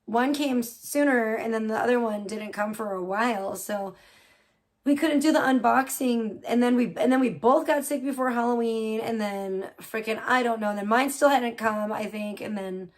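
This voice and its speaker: A woman's voice: a little high, moderate pace. A young woman chatting casually on a late-night livestream, rambling with lots of fillers and casual swearing. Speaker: live streamer.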